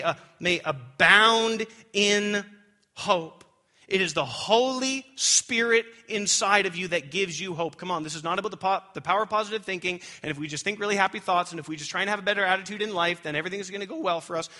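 A young adult man preaching a sermon with animated storytelling that swings high when he gets excited. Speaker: pastor.

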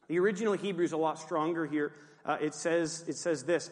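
A man's voice: a little high, steady tone, brisk, few pauses, in a large hall. A male pastor preaching a sermon emphatically, repeating key phrases.

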